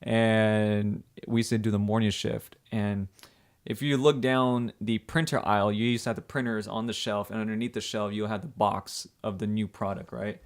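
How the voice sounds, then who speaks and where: Animated young man telling stories. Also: lowish voice, normal speed. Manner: animated, laughing storyteller. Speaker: podcast co-host. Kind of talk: casual storytelling chat.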